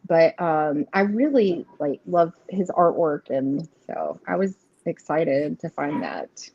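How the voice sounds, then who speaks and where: Woman in her thirties, easygoing giggly live-stream host, lively pitch, muffled lo-fi audio. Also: slow, vocal fry, husky. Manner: laughs often, chatty and rambling. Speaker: host of live tarot readings. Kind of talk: casual live-stream chat.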